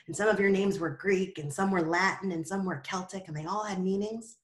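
A woman teaching a Sunday school lesson, telling a Bible story to children and gently asking them questions along the way. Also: mid-range voice, steady tone, fairly quick.

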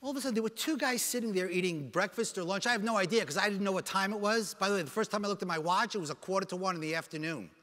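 High, bright-voiced man telling a dramatic story. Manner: animated, acts out dialogue with quick voice changes. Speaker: keynote speaker. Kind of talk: dramatic personal storytelling speech. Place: large conference hall. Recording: reverberant conference hall sound.

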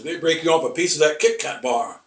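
A man teaching a rambling Bible lesson, halting and repeating words with many fillers, emphatic and combative. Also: on the high side, a bit bright. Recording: echoey room, voice from far off.

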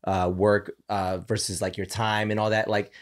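A man co-hosting a podcast, asking the guest a long, thoughtful question in a measured, casual way. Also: on the low side, flat delivery. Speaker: podcast co-host.

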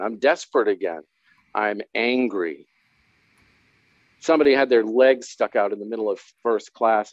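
A man's voice: lowish voice, dry recording. A man telling his recovery story in a candid interview, rambling and self-deprecating with wry humor. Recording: dull, dry lo-fi sound.

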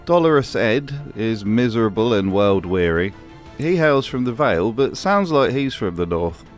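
A man's voice: on the low side, very animated, normal speed, faint music behind. A man narrating a scripted commentary video with a dry, sardonic manner.

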